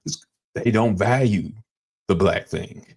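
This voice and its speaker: A man in a casual podcast discussion who reasons thoughtfully, in a halting way, often restarting his sentences. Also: lowish voice, darkish tone, breathy edge. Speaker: podcast co-host.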